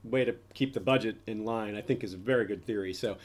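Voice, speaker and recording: A man co-hosting a casual fan discussion show, speculating out loud, thinking as he talks and often restarting sentences. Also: on the low side, fast. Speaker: podcast co-host.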